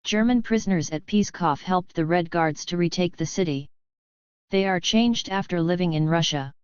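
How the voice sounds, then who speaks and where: Woman, audiobook narration, smooth resonant tone, slightly low, dull dry recording. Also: no echo. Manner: steady, measured reading. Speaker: audiobook reader. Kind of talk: scripted narration.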